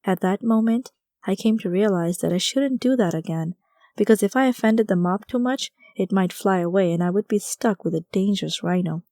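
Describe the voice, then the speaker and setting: Woman, audiobook narrator, first-person story, wry conversational delivery, mellow tone, dry close recording. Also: medium pitch, moderate pace, no echo.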